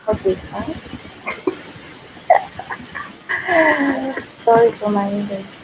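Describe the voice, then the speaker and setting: A woman's voice: fairly high pitch, expressive, very slow. A woman with a Korean accent teaching her native language on a casual livestream. She giggles often and restarts and repeats her phrases. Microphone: built-in device mic, no external microphone. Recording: faint background noise, no proper mic.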